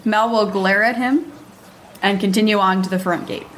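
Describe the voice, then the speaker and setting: A woman's voice: mid-range voice, fairly even intonation, normal speed, a little hiss or hum, rough recording. A woman playing a tabletop game, asking questions in a plain, inquisitive way. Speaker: player. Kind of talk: casual chat.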